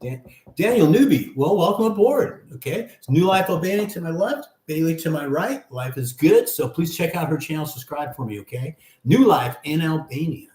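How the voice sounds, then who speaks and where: A man's voice: fairly high pitch, expressive, normal speed, darkish tone. An older man hosting a live stream, greeting viewers by name in a jovial, teasing way. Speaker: livestream host. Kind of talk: casual live-stream chat. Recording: roomy echoing room.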